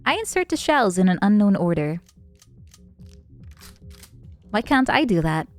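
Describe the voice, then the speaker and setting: A woman streamer chatting casually while playing a game, playful and giggly, thinking out loud. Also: mid-range voice, big pitch swings, fairly quick, faint music behind. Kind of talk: casual gaming chat.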